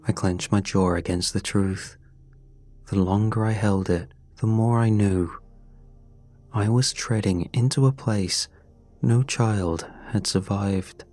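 A man narrating a scripted horror story in a slow, measured, grim way. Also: lowish voice, a little mellow. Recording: dry close voice over faint music. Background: faint music.

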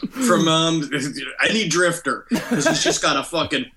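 A man's voice: on the high side, lively intonation, measured pace, background noise. A man co-hosting a podcast, riffing absurd jokes in casual chat. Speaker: podcast co-host.

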